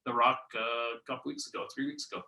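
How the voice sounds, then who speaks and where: An older man with a bright, forceful voice chats casually on a podcast. He talks plainly, rambling and restarting his sentences as he goes. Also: medium pitch, flat delivery, quick pace, vocal fry, low-quality recording. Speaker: guest, host's father. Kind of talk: casual chat.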